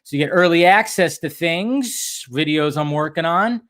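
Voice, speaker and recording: A man's voice: a little high, animated, normal speed, fairly bright tone. A man hosting a casual livestream from home, upbeat and chatty as he greets viewers by name. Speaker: livestream host.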